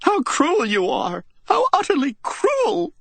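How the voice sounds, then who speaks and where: Brief: distraught society wife, high quavering voice near sobs, voiced by a man narrating. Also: wildly swooping pitch, unhurried, husky, dry recording, exaggerated voice. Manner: high, trembling, near sobbing. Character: distraught young society wife, fragile and tearful.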